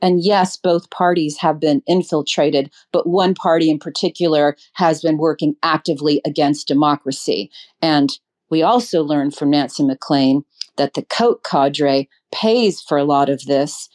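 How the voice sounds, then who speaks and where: A woman with a low voice gives a political interview. She talks in an earnest, passionate way, pausing on ums and restarting her sentences as she works out her thoughts. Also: a little mellow. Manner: thinks aloud with ums and restarts. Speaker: guest.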